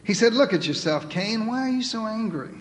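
Male pastor with a high voice, preaching emphatically in a reverberant church hall. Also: lively intonation, brisk. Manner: emphatic preaching, quoting scripture, dropping to soft pleading. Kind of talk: sermon. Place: church sanctuary.

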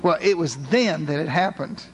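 An eager male newspaper reporter, as a preacher puts him on, talking folksy and excited in a high voice. He keeps wondering aloud in a dramatic reading. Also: normal speed, a little hiss or hum, lightly acted.

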